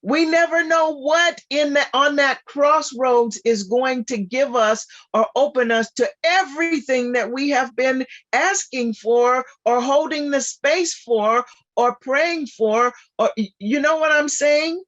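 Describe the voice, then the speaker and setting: A guest speaker delivers an informal spiritual message on a video call, talking slowly and deliberately. The delivery is animated and repetitive, with frequent laughs. The audio has a slightly dull, lo-fi quality. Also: high-pitched.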